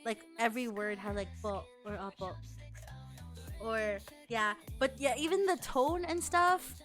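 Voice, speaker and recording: A woman's voice: on the high side, measured pace, fairly bright tone, faint music behind. A young woman from the Philippines, chatting and swearing casually as a streamer. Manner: chatty, swears a lot, restarts and acts out quotes. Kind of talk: casual chat.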